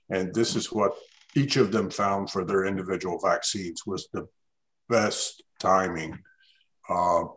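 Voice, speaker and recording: A man scientist on a panel, explaining in a measured way. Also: sits low, low-quality recording. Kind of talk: panel discussion.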